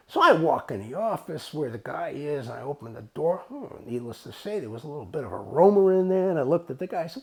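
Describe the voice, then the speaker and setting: A man's voice: on the high side, fast, vocal fry, hardly any pauses. A man telling a casual, profane story, acting out both sides of the dialogue. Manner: animated, profane, acts out dialogue. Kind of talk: casual spoken anecdote.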